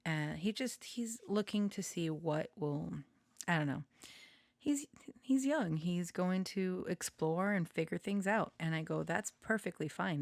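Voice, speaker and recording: A woman's voice: deep voice, gravelly, darkish tone, no echo. A young woman hosting a casual, rambling chat, laughing often and sometimes dropping to a whisper. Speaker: podcast host.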